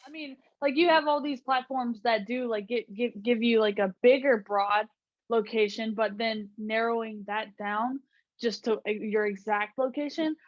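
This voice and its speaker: A woman's voice: on the high side, moderate pace, no room sound, lo-fi sound. A woman co-hosting a casual podcast chat, talking hesitantly with lots of fillers. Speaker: podcast co-host.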